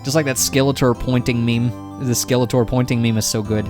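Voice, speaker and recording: A man's voice: mid-range voice, fairly even intonation, fairly quick, music in the background. A man streaming a game, giving casual, rambling commentary full of jokes and swearing. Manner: joking, profane, rambling.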